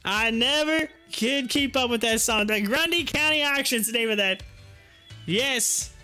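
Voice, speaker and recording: High bright-voiced man hosting a live stream. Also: smooth, faint music behind. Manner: rapid-fire reading of numbers, playful hype. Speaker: live stream stock market host. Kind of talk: casual live stream commentary. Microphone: desk microphone.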